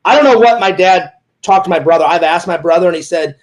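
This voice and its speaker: High-voiced rambling man telling stories. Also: fast, poor audio. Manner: rambling storyteller, repeats himself, acts out what people said. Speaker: host. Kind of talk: casual chat.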